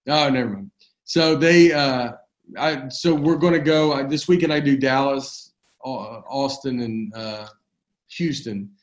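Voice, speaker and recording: A man's voice: medium pitch, measured pace. A man guesting on a podcast, chatting in an easygoing, rambling way full of restarts. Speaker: comedian guest. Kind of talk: casual chat.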